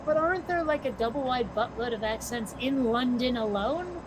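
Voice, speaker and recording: A woman with a fairly high voice chats in a joking, self-deprecating way. Clear background noise sits under her mic the whole time. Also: animated, moderate pace. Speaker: chat participant. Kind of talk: casual online group chat.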